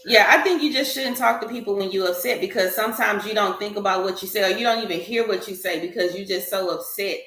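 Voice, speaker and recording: Speaking quickly with few pauses, a woman of medium pitch and a somewhat bright voice joins a discussion panel as a guest. She argues her views earnestly, emphatically, and at length in a candid group talk, recorded in an echoey room.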